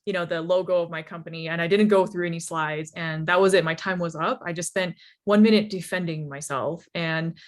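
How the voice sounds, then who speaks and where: A young woman telling her founder story in a lively, casual talk, full of fillers and laughs. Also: on the low side, a little fast, few pauses. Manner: animated, laughs often, many fillers like "you know" and "like". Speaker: startup founder speaker.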